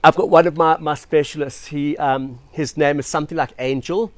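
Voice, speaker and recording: Chatty, fairly high-voiced male pastor. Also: fairly even intonation, normal speed, no echo. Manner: chatty storytelling with self-deprecating asides. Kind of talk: sermon.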